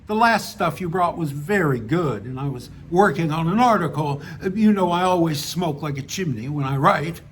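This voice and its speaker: A man reading as a gruff old professor. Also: on the high side, animated, moderate pace, hardly any pauses, slight background noise, lightly acted. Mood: wry.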